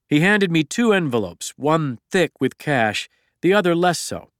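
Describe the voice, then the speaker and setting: A middle-aged man narrating a memoir audiobook in a plain, measured storytelling manner. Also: fairly high pitch, big pitch swings, a bit bright, dry recording, clean studio sound.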